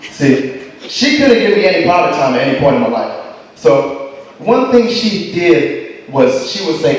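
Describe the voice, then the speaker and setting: A man's voice: on the high side, expressive, normal speed. A man doing a stand-up comedy set, telling stories about a girlfriend in a profane, exasperated way. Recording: echoey hall, distant mic.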